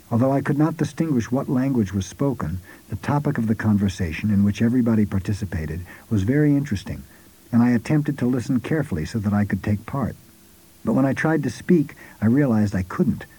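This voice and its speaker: Dark, husky male storyteller. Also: medium pitch, animated, low-quality recording. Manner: measured, unhurried first-person storytelling. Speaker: narrator. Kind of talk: scripted narration.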